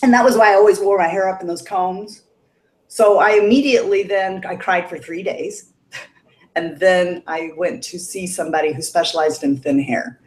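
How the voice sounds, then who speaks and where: A woman's voice: on the low side, normal speed. Middle-aged woman, chatty livestream guest, laughs a lot, roomy room sound. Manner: chatty, laughs often, animated quoting. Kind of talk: casual storytelling chat.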